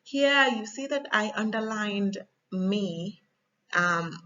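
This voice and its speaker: A woman's voice: mid-range voice, animated, pushed and bright. Woman, language teacher, patient explaining, frequent ums, muffled lo-fi sound. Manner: patient, slow, with frequent ums and spelled-out examples.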